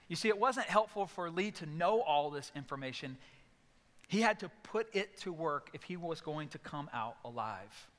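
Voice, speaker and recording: A man's voice: fairly high pitch, expressive, normal speed, fairly bright tone, big-room sound. A male pastor giving a sermon, telling stories and acting out voices in bursts. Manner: storytelling with sudden acted outbursts. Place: church sanctuary.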